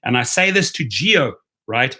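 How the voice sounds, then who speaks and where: A man's voice: medium pitch, lively intonation, measured pace, bright, forceful tone, breathy edge. A man with a non-native English accent hosting a live stream, talking passionately and rallying his viewers. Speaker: rideshare YouTube host.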